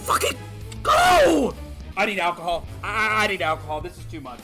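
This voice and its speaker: A man streaming a video game, giving frantic, excitable commentary as he yells, laughs and swears. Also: sits high, fast. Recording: game music playing clearly behind.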